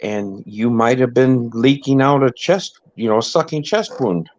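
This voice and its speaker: A man hosts a casual podcast chat, telling anecdotes and mimicking the people in them. His mid-range voice is animated, a little slow and darkish in tone, captured with a dull, lo-fi, dry sound.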